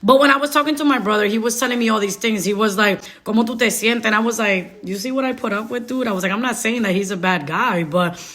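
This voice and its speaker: A young woman telling a dating story in a casual, animated way, slipping into Spanish phrases. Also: medium pitch, quick pace. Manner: animated, laughing often, switches into Spanish. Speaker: storyteller vlogger.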